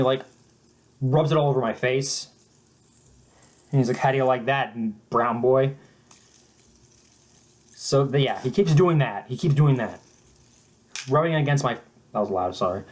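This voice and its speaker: A young man tells a mock-serious story in a flat, deadpan way, often stopping and restarting his sentences. His voice sits in the middle of the male pitch range. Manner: halting and deadpan, with many restarts. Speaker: vlogger.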